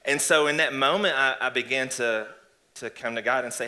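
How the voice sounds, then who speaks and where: Bright-voiced man sharing earnest testimony. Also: mid-range voice, normal speed. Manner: earnest, reflective, hesitant restarts. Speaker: church guest sharing testimony. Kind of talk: conversational testimony. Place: church stage before an audience.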